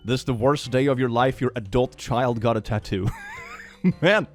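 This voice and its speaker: A man's voice: mid-range voice, wildly swooping pitch, measured pace, faint music behind. A man hosting comedic reaction commentary in a playful, sarcastic manner, laughing often. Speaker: host.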